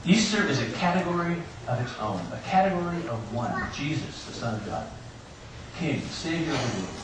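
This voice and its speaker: A man's voice: fairly high pitch, lively intonation, normal speed. Male pastor in an echoey church. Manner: personal storytelling with joking asides. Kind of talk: Easter sermon. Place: church sanctuary. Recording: echoey church room, distant mic, background hiss.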